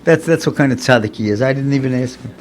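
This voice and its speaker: A man's voice: medium pitch, fast talker, a little hiss or hum. A man in his seventies, a rabbi giving an inspirational sermon in an earnest, conversational way, often repeating phrases for emphasis. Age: 70s. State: recovering from paralysis, slightly impaired speech. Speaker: rabbi and lecturer.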